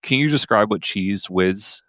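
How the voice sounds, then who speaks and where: A low-voiced man from the United States hosts a casual podcast and tells stories with a playful, joking streak. The recording is dry and close, with no room around his voice. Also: unhurried, a bit bright, no echo. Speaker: podcast host and author.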